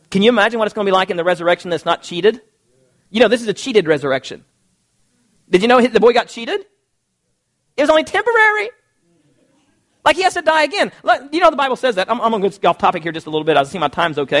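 Man, very high voice, preacher, lively sermon, reads and acts out scripture. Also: fast. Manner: animated, conversational, acts out quotes.

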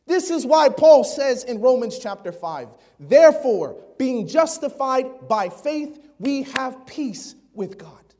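A man preaching a sermon, reading scripture aloud and asking the congregation questions, often dropping to a hushed, near-whispered voice for emphasis. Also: very high voice, very animated, slow, hardly any pauses, slight background noise.

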